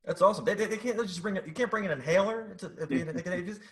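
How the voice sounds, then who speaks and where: A man hosting a casual interview, asking questions in a halting way with many restarts. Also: sits high. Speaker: host.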